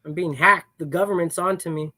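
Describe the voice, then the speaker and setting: A young man co-hosting a casual livestream, fast-talking and playful, laughing often between lines. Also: fairly high pitch, steady tone, sharp tone, slight background noise. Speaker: co-host making cold calls.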